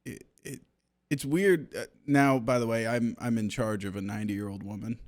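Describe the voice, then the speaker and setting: A man's voice: mid-range voice, fairly even intonation, moderate pace. A young man co-hosting a podcast, joking and laughing often as he chats, with casual swearing. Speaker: podcast co-host. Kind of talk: casual chat.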